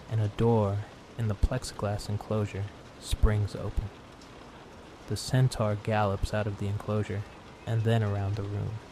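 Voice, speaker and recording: A man narrating a horror story in a calm, even storytelling manner, made to help listeners fall asleep. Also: fairly low pitch, noisy background. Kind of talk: calm scripted narration for sleep. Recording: clear rain sounds behind voice. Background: steady rain.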